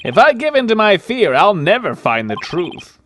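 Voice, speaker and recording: Male reader as a middle-aged astronaut, earnest and animated, fairly high voice, game music under. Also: normal speed, a little hiss or hum, exaggerated voice. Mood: fervent. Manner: earnest, swings from hushed to excited. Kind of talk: reading game dialogue aloud.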